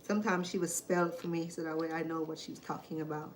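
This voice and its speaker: A woman's voice: deep voice, fairly even intonation, fast, a little hiss or hum. A woman with a Cambodian accent, a native Khmer speaker, hosting a cooking show and chatting in a rambling, storytelling way in her home kitchen. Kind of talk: casual chat while cooking.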